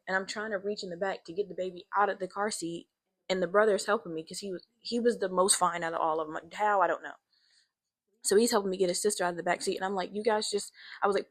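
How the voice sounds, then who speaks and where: A young woman hosting her own podcast, telling a story in a casual monologue, profane and animated, climbing to shouts at the peaks. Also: mid-range voice. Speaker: podcast host.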